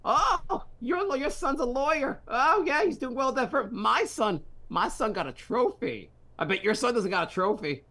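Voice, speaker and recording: A boastful older mother who gushes and brags about her son, her voice pitched up high and sing-song, as a man puts her on for a laugh. The delivery is over the top and doting. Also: lively intonation, normal speed, hardly any pauses, sharp tone, heavily acted. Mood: bragging. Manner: gushing, bragging. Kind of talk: comic impression in casual podcast chat.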